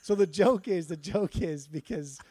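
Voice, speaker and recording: A man's voice: sits high, moderate pace, mellow, slight background noise. A man from Southern California with a Southern Californian accent, chatting casually as a podcast co-host, swearing freely and restarting his sentences. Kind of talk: casual chat.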